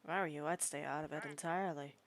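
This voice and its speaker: Cynical low-voiced woman in roleplay. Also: steady tone, fast. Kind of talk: in-character roleplay.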